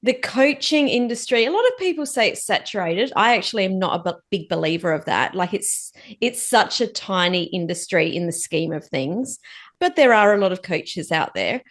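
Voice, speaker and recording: A woman's voice: medium pitch, lively intonation, normal speed. A woman hosting a podcast, upbeat and enthusiastic in a casual interview. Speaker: podcast host.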